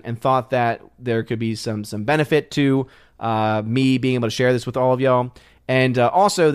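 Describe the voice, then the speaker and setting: A male host chatting on his live stream, rambling easily with plenty of fillers and restarts. His voice is smooth and resonant. It sits in a middling register and is recorded close and dry, with no room sound. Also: medium pitch, dry recording. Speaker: channel host. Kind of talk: casual live-stream chat.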